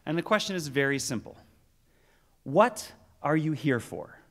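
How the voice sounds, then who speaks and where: A man's voice: fairly high pitch, animated, unhurried, a bit bright. A man, a youth minister, giving a church address to young people, earnest and playful as he projects to the crowd. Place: church sanctuary.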